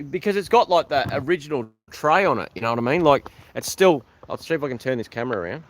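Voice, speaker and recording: This Australian livestream host rambles casually outdoors next to an old truck, calling out viewers by name to thank them. He has a slightly high, somewhat bright male voice.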